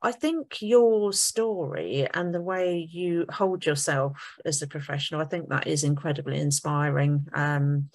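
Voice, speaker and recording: A woman's voice: low-pitched, a little slow, hardly any pauses, a little mellow. A woman hosting a podcast, praising her guest effusively while wrapping up the interview. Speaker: podcast host. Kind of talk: interview wrap-up.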